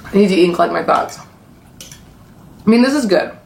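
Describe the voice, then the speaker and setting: A woman's voice: medium pitch, animated, moderate pace, vocal fry, darkish tone, slight background noise. A young adult woman chatting casually on camera while eating, rambling through a story with lots of fillers and swearing. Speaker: vlogger.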